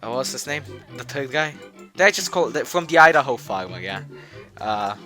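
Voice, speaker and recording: A man's voice: medium pitch, lively intonation, normal speed, sharp tone, faint music behind. A man presenting his game project in a loose, rambling way, full of fillers and restarts, often chuckling. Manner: chuckling, offhand. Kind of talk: joking game showcase.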